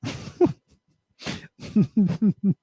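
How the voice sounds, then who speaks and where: A man's voice: high voice, very slow, dark tone, breathy edge, dry recording, voice pushed up, exaggerated voice. A man voicing a ditzy, bubbly young woman influencer who fills every phrase with "like", in a comedy livestream bit. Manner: valley-girl talk, every phrase padded with "like".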